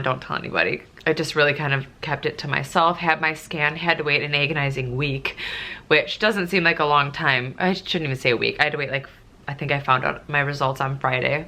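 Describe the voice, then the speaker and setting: A woman's voice: low-pitched, fairly even intonation, brisk, sharp tone. A young woman chatting through a casual Q&A vlog, emotional and close to tears at times, with lots of fillers. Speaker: nurse and vlogger.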